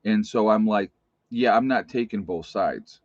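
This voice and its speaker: Blunt low-voiced man telling nurse stories. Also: unhurried, no room sound. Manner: blunt, plainspoken, emphatic. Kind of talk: casual storytelling vlog. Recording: dull, muffled recording.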